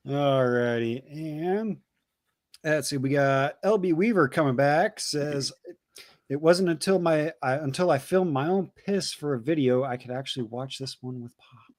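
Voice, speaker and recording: A man's voice: a little high, unhurried, dry recording, clean studio sound. A man co-hosting a casual livestream, reading chat messages aloud with loose jokes and stumbling repeats.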